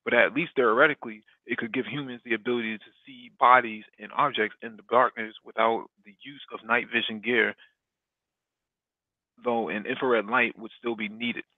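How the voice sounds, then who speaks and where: A man's voice: mid-range voice, steady tone, normal speed, no echo. A man in a mid-range voice reads a science news story aloud as host, often catching himself and restarting words. His voice comes through a dry, thin, phone-like line. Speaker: podcast host. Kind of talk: reading a news article aloud.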